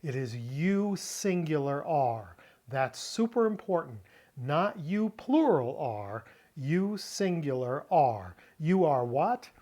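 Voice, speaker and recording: A middle-aged man teaching a Bible word-study lesson, explaining deliberately and repeating key points for emphasis. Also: fairly high pitch, big pitch swings, mellow. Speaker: Greek teacher.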